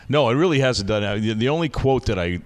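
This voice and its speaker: A man's voice: mid-range voice, expressive, fast. A man hosting a casual chat, often affirming with "yeah" and "mm-hmm", and telling anecdotes of his own. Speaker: host and corporate speaker. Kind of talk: casual conversation.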